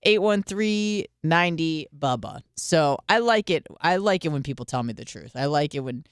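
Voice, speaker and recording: A woman's voice: sits low, lively intonation, moderate pace, clean tone, dry recording, studio quality. A woman hosting a radio show, talking in a candid, chatty way and acting out quotes with some profanity. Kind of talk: casual monologue.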